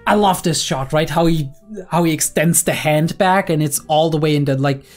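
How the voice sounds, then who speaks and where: A woman's voice: deep voice, moderate pace, faint music behind. A young woman and psychology student giving analytical anime reaction commentary, often checking in with "right?". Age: young adult.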